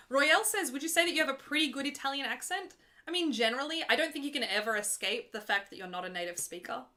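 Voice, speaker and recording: A young woman with a high, bright voice talks to her stream viewers about opera in a chatty, teasing way. She explains the music in plain terms and jokes about rude requests in chat. Her tone stays ringing and forward throughout. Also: expressive, fast. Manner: chatty and joking, breaks into full operatic singing. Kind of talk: live stream chat and teaching.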